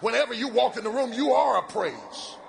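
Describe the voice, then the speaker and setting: High, gravelly-voiced preacher man. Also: big pitch swings, a little fast, a little hiss or hum. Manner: rhythmic, building to shouted sing-song cadences; folksy, playful asides. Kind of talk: sermon. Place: large event venue.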